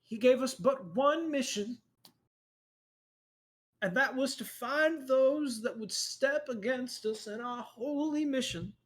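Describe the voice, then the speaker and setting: A man doing a booming cult priest. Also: exaggerated voice. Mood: preaching. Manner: preachy, drawn-out, rising sermon cadence.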